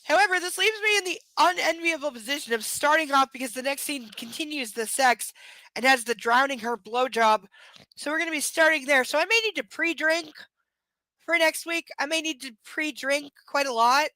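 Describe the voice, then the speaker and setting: A woman's voice: high voice, normal speed, bright, forceful tone, dry recording. Tired, sardonic woman streamer. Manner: sardonic, blunt, swears freely. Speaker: live stream book reader. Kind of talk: live reading and casual chat.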